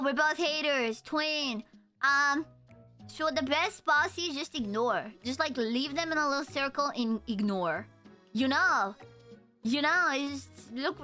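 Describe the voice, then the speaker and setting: A woman's voice: high voice, pushed and bright. A young woman with a Romanian accent chatting casually and jokily with her stream viewers, full of slang.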